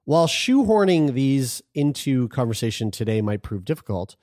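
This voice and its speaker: A man's voice: medium pitch, normal speed, no echo, studio quality. A man co-hosting a casual podcast, reading items aloud in a crude, joking manner. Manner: animated, crude, laughs while reading. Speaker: podcast co-host.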